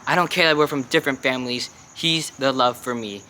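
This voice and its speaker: Dreamy, gushing lovestruck teenage girl, played by a teen boy; bright voice. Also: mid-range voice, brisk, a little hiss or hum, natural voice.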